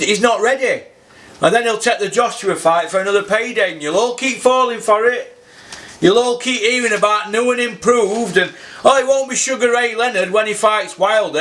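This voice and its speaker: A man's voice: sits high, a bit bright. A man ranting about boxing, blunt and sweary, throwing in tag questions. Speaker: boxing commentator. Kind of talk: ranting commentary.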